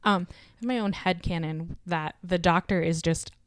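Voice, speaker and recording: Chatty Southern woman, smooth voice. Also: fairly low pitch, normal speed, no echo, studio quality. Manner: chatty, self-deprecating, frequent ums. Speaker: guest author. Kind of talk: casual podcast chat.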